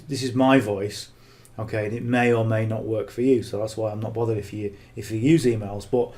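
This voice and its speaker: A man's voice: medium pitch, warm tone. A man coaching on marketing in casual, unscripted talk, blunt and earnest, who keeps checking in with "okay?".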